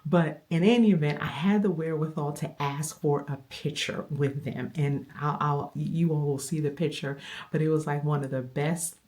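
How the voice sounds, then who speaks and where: Low-voiced woman telling a rambling story. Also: normal speed. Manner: animated, rambling storyteller who self-corrects. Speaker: vlogger. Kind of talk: casual storytime to viewers.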